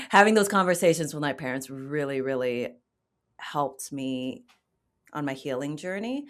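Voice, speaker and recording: A woman guest on an interview, candidly and reflectively telling a personal story in casual talk. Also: very deep voice.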